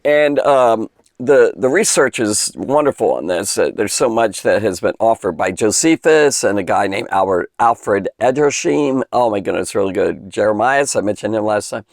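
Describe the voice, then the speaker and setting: A man's voice: fairly low pitch, expressive, normal speed, no echo, studio quality. A man giving an informal, chatty Bible lesson for children, digressing often and emphasizing points with enthusiasm. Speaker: Bible teacher.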